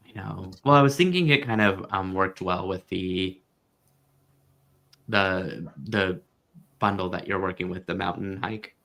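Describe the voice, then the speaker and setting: Low gravelly voiced man, easygoing chat. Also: unhurried. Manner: relaxed, laughs often, trailing fillers. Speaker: co-host. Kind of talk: casual chat.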